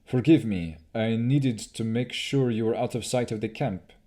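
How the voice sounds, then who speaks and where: A man's voice: medium pitch, moderate pace, mellow, close to an everyday voice. A man reading an audiobook, voicing a grave male elf leader who speaks solemnly and apologetically.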